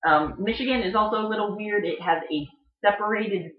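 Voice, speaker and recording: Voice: medium pitch, fairly quick. A speaker giving a casual educational explanation, thinking aloud with frequent ums and uhs. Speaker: online explainer. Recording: echoey room, slightly dull lo-fi sound.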